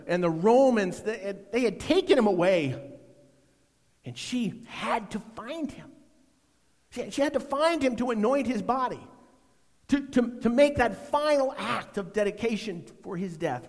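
A middle-aged man preaching a sermon, swinging between loud emphasis and hushed, almost whispered lines. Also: high-pitched, in a large hall. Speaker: pastor.

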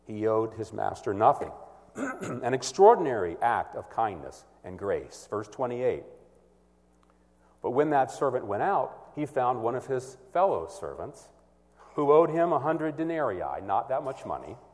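Male preacher, mid-pitched, lively rise and fall, earnest expository delivery, long hall reverb. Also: unhurried. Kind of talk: sermon.

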